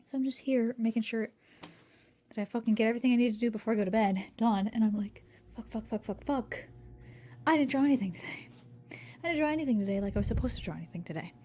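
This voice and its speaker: Young woman, slightly high voice, hoarse and winded, tired rambling diary vlog, lots of swearing. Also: rapid-fire, darkish tone. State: hoarse from singing; out of breath from pacing. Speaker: vlogger recording a video diary. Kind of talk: casual diary monologue. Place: home kitchen, microwave running.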